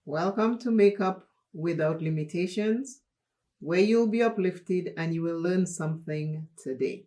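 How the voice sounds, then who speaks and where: Slow-talking woman vlogger. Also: on the low side, warm tone. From Dominica. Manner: unhurried, chatty, laughs while telling stories. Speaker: makeup channel host. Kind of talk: makeup tutorial with personal storytelling.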